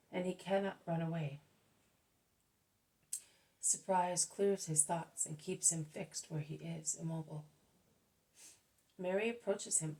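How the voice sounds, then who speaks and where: A woman reading a religious book aloud as a regular devotional reader, in a soft, measured voice that slips into whispers. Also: lowish voice, creaky, poor audio.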